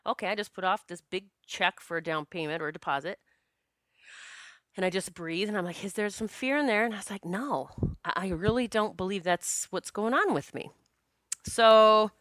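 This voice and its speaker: A woman's voice: medium pitch, dry recording, clean studio sound. Chatty spiritual woman storyteller. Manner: animated, chatty, frequent restarts and quoted self-talk; spiritual, earnest. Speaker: podcast host, psychic medium. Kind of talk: casual personal storytelling.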